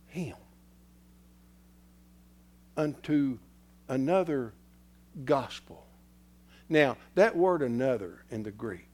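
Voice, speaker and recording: A man preaching a sermon, swinging from loud declarations to hushed, near-whispered lines. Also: medium pitch, slight background noise.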